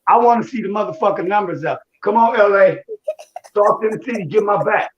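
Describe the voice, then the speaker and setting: A man's voice: sits high, brisk, lo-fi sound. A male comedian ranting with mock anger and heavy profanity, doing stand-up into a video call. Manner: mock-angry, profane, loud rants. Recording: echoey room with faint noise.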